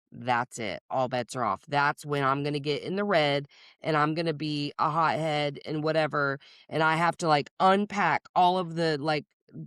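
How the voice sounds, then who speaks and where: A woman's voice: low-pitched, a bit bright, clear, resonant tone, no room sound, clean studio sound. A woman therapist hosting a podcast, speaking in candid casual chat, blunt and profane and laughing often.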